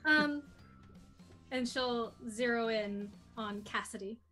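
A woman speaks as a tabletop game player, describing her character breezily. Her voice is bright and a little high, with faint music in the background. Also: takes it slowly.

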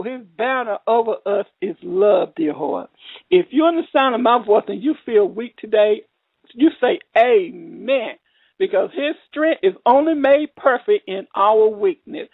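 A woman's voice: on the high side, no echo. Woman preaching a testimony sermon over a tinny phone line. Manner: emotional, repeating herself, rising to cries.

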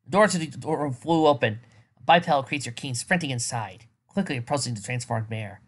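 A woman's voice: extremely low pitch, animated, brisk, slightly rough. A woman reading fan fiction aloud, with small stumbles and restarts. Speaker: reader.

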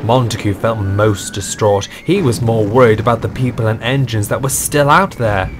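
A man narrating a scripted storybook in a steady, earnest way. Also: fairly low pitch, normal speed, noisy background.

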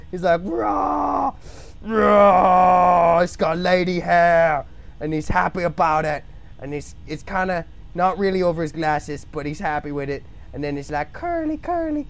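A young man live-streaming while he draws, joking about his work and breaking into excited shouts. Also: a little high. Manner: excitable, bursts into shouts and laughs; joking self-commentary. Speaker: livestreamer. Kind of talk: live-streamed drawing chat.

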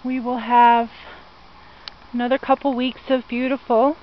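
A woman's voice: a little high, level tone, moderate pace, lo-fi sound, slight background noise. A woman giving a casual tour of her outdoor garden, chatting to viewers and gushing over her plants as she wanders. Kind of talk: casual meandering garden walk-through.

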